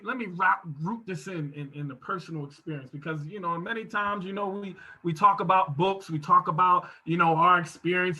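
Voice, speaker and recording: A man giving a motivational talk over a video call from his home office, speaking in an emphatic, preacherly style that swells into shouts. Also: high voice, husky, rough recording. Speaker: guest speaker.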